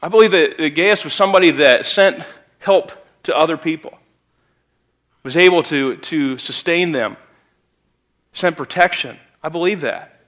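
A youth pastor with a bright, forceful voice that sits a little higher than most men's. He delivers a sermon in a church, chatting through a story and then lifting into emphatic bursts. His speech carries a Midwestern American accent. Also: a little slow, long pauses. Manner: conversational storytelling with sudden emphatic rises. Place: church sanctuary.

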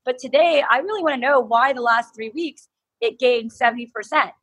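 A woman's voice: sits high, a little fast, fairly bright tone, husky. A woman interviewed as a guest, explaining investment ideas step by step with examples. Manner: explanatory, walks through examples. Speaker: guest, crypto investment entrepreneur. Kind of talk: conversational interview.

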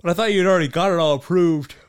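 A man's voice: sits high, rapid-fire, smooth. A young man co-hosting a podcast, joking around in casual chat and laughing often. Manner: laughs often, playful banter. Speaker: podcast co-host.

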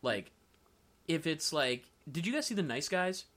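A man who works as a voice actor, chatting casually as a podcast guest in an animated way, laughing often and swearing freely. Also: on the high side, measured pace.

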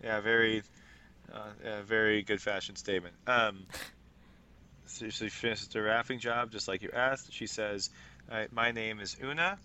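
A man's voice: on the low side, little pitch movement, a little slow, pushed and bright, a little hiss or hum. A man narrating as game master of a tabletop role-playing game, casual and rambling, full of fillers.

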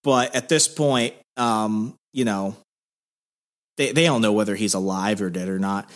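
A man's voice: lowish voice, steady tone, measured pace. A man hosting a podcast, casually retelling a story in a loose, rambling way, full of fillers. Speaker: podcast host. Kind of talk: casual comic recap.

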